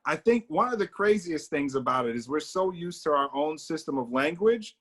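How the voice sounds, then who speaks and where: A man's voice: on the high side, expressive, normal speed, fairly bright tone. A man hosting a casual discussion over a video call, easygoing and affirming, often saying "right, right". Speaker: host.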